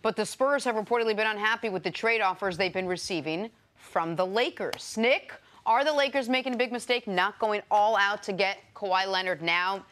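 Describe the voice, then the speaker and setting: Brisk female sports show moderator. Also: mid-range voice, fairly bright tone. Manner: brisk, announcer-like read on segues. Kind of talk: scripted show segues and casual chat.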